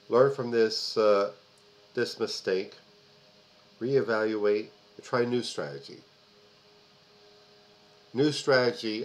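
A man's voice: lowish voice, low-quality recording. A man hosting his own commentary video, delivering an emphatic opinion monologue with repeated phrases for stress and frequent "uh" fillers. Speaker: host of a political commentary video.

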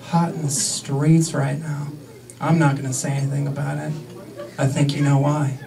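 A man's voice: a little high, flat delivery, normal speed, creaky, distant mic, a crowd in the background, low-quality recording. A young man in his twenties doing a stand-up set in a comedy club, sarcastic and crude with mock-outraged asides.

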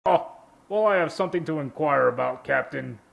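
A man's voice: on the high side, a little fast, gravelly, a bit bright, full character voice. A man's synthesized voice playing a grumpy, overweight conservative firefighter who curses constantly. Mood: grumbling. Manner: cursing, cranky.

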